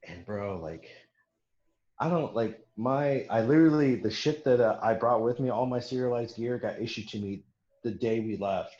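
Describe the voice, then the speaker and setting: A man's voice: medium pitch, moderate pace, echoey room, dull audio. A young man telling a long war story in casual podcast chat, swearing often and laughing as he acts out what others said. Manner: profane, laughing, quotes others in animated bursts.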